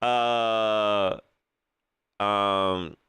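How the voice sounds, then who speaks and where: A fan channel host vents on a sports live stream, reading viewer comments and firing off emphatic rhetorical questions in slangy talk packed with fillers. His voice is lowish, pushed and bright, with fairly even intonation and a very slow pace, recorded clean with no echo.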